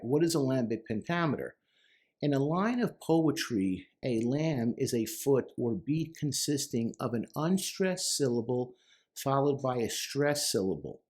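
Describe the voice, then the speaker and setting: A middle-aged man talks earnestly as a therapist, breaking down lyrics line by line. His voice sits at a middle pitch, and he leans into quoted lines with rising emphasis. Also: a little mellow. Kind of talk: explanatory talk to camera.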